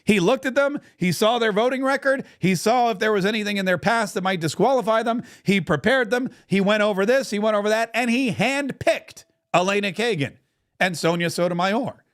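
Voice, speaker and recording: High-voiced sarcastic male political host. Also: brisk. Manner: sarcastic, emphatic, mocking. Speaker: podcast host. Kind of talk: political commentary.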